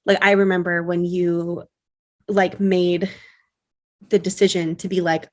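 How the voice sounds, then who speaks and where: A woman's voice: fairly low pitch, level tone, a little slow, pauses often. A woman in her thirties co-hosting a podcast, chatty and earnest, often restarting her sentences in casual conversation. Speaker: podcast co-host. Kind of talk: casual chat.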